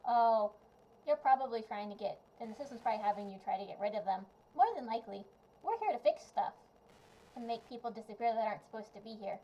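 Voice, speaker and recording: A woman voices a cheerful, curious little girl summoner in a tabletop game, keeping things bubbly and chatty. Her voice is a little high and lightly acted, with a quick pace, captured on a muffled lo-fi mic.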